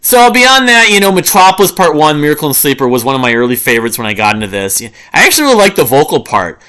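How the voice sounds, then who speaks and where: A man in his forties talks through his favorite albums in a loose, rambling monologue, trailing off into fillers and restarts. His voice is bright and forward, and he often breaks into humming a riff to make a point. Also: on the high side, sing-song, fast, smooth. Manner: hums and sings riffs to illustrate. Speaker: music reviewer. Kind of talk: casual album review monologue.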